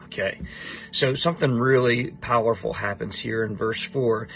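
A man's voice: mid-range voice, fairly even intonation, normal speed, vocal fry, fairly bright tone, slight background noise. A middle-aged man teaching a Bible passage to a student, emphatic and repeating his points.

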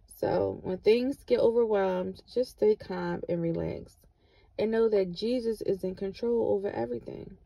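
A woman's voice: mid-range voice, unhurried, creaky, dark tone, no echo, poor audio. A middle-aged woman, giving repetitive, encouraging motivational vlog talk with Christian references. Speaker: vlogger.

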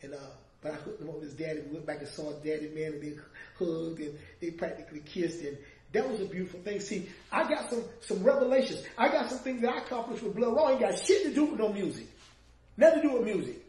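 A man's voice: high-pitched, lively intonation, quick pace, darkish tone. A middle-aged man, a former music manager, telling an emotional story in an interview. He acts out the voices of the people he quotes, and his voice swells as the feeling rises. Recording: echoey room, distant mic, faint noise.

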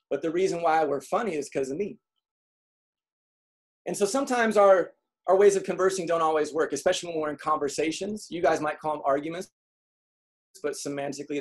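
A man giving a motivational talk to an audience, telling comic stories and acting out quotes in an animated way. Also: a little high. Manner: animated storyteller, acts out quotes. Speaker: speaker.

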